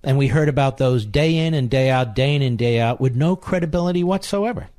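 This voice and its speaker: A man's voice: medium pitch, expressive, fairly quick, a little mellow, dry recording, clean studio sound. A man hosting a talk radio show, delivering an indignant political monologue with heavy repetition.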